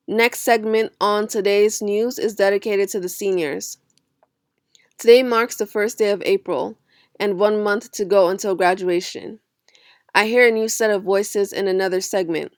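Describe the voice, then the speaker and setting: A woman giving a measured first-person audiobook narration of a young adult novel. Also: mid-range voice, no echo, clean studio sound.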